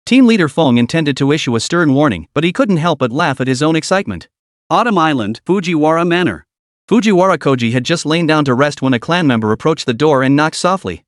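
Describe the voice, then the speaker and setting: A man narrating a story in a steady, scripted reading voice. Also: on the high side, fairly quick, no room sound, studio quality. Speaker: audiobook narrator.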